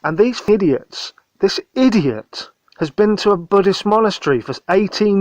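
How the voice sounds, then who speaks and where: A man hosting a vlog, ranting angrily and scornfully with lots of swearing, halting between phrases. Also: high voice, expressive, a little mellow, no room sound, lo-fi sound. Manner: angry, profane, scornful; halting, with fillers and restarts. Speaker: channel host.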